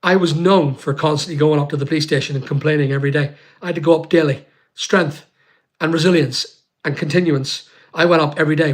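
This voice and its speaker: Emphatic man, slightly high voice. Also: steady tone. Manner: emphatic and repetitive, with frequent pauses and fillers. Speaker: YouTuber on a livestream. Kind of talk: emotional personal account.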